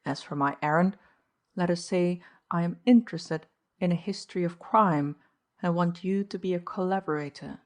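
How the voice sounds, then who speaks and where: A woman reading aloud, voicing a suave, domineering older gentleman who speaks slowly and condescendingly. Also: lowish voice, close to an everyday voice.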